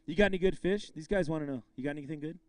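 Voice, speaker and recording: A man with a high, smooth voice emcees a fishing tournament weigh-in. He jokes with the anglers and shouts the weights out with excitement. The sound is close and dry. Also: very fast, no room sound. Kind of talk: live weigh-in announcing.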